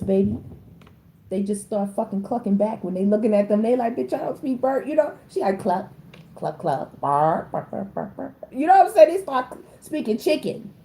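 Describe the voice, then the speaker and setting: A woman, doing a casual tarot reading in a blunt, slangy and animated way. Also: slight background noise. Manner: animated, slangy, blunt, with sudden high-pitched exclamations. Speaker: tarot reader.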